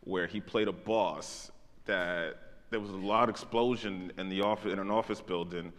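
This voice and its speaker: A man's voice: sits low, fairly even intonation, normal speed, fairly bright tone, in a large hall. A man telling a funny backstage story on a conference stage, laughing through his words. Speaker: comedy writer and panel guest. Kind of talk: stage conversation telling an anecdote. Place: conference stage in a large hall.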